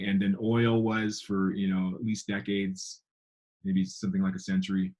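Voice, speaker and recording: Husky man thinking aloud. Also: on the low side, level tone, moderate pace. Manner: reflective, uses 'I think' often. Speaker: call participant. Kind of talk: casual group discussion.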